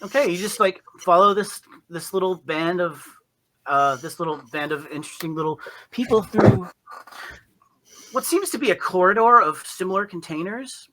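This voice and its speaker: Bright-voiced man as game master. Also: sits high, normal speed, poor audio. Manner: rambling, with many fillers and restarts. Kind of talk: narrating a tabletop game.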